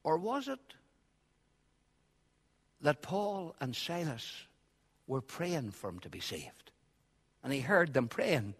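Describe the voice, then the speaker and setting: A man preaching a sermon, swinging from quiet asides to loud, shouted passages. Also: a little high, sing-song, slow pace, pauses often, breathy edge. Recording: long hall reverb.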